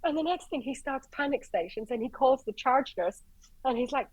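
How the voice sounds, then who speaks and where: An Irish woman from Ireland, a paramedic guest, telling stories in an animated, blunt way, swearing freely and acting out the people she quotes. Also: high-pitched, moderate pace, dry recording, rough recording. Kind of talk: casual storytelling.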